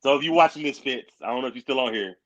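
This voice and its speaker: A man, co-hosting a live reptile stream in casual, excitable chat and calling people brother. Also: medium pitch, racing, dry recording. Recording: dull, dry lo-fi stream audio.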